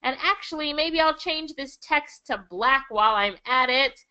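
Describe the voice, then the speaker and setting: Woman, Jamaican accent, high voice, enthusiastic tutorial, slightly muffled recording. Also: animated, moderate pace, bright, forceful tone. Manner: enthusiastic, chatty, laughs often. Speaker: online income instructor. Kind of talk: screen-share tutorial. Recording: slightly dull lo-fi audio.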